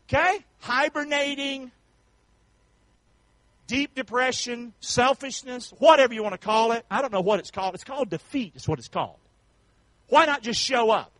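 High-voiced preacher man. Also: moderate pace, dry recording, poor audio. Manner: preachy call-and-response, rising to shouts. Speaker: pastor. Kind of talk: sermon.

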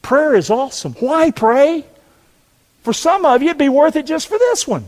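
Preacher shouting in a church hall. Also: male voice, very high voice, very animated, normal speed. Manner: preaching with call-and-response, rising to shouts. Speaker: pastor. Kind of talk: sermon. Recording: long hall reverb.

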